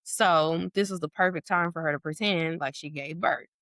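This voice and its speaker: A woman's voice: normal speed, dry recording. A woman co-hosting a podcast, telling a story in casual chat, often saying "like" and acting out the people in it. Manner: animated storytelling, acts out quotes in a high voice; heavy use of "like" and "or whatever". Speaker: podcast co-host.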